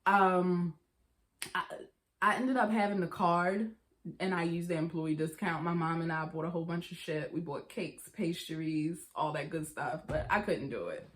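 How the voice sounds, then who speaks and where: A young woman vlogger chatting casually through a storytime, acting out what people said to her in quick quoted voices. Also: on the low side, steady tone.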